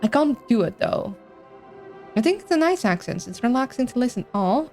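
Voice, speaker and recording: A woman streaming a video game live, chatting in an excitable, rambling way with a mixed accent that is hard to place. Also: on the high side, moderate pace, soft background music. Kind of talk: live gameplay commentary, reading chat.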